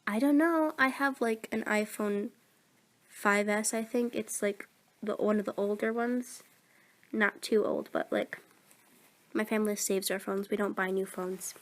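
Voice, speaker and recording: A fourteen-year-old girl who is sick, rambling casually into her phone about recording voice-acting videos. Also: medium pitch. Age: teens. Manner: rambling, meandering, self-deprecating. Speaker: voice actor vlogger.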